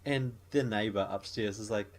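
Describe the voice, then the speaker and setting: A man's voice: fairly low pitch, moderate pace. A young man hosting a podcast, chatting casually and jokingly about an old TV episode. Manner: joking, acts out quoted lines in silly voices. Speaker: podcast host. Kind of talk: casual chat recapping a show.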